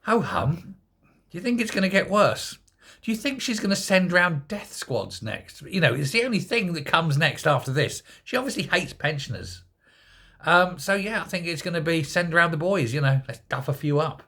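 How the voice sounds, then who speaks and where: A man's voice: a little high, sing-song, normal speed, bright, forceful tone. An older man giving a scornful, sarcastic opinion rant as a political commentator.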